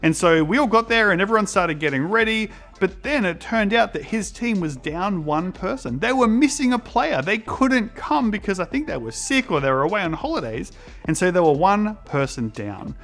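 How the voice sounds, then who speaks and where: An Australian man preaching to children, telling an animated personal story and acting out the voices in it. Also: sits high, moderate pace, faint music behind. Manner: animated, acts out voices in his stories. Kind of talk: storytelling sermon for kids.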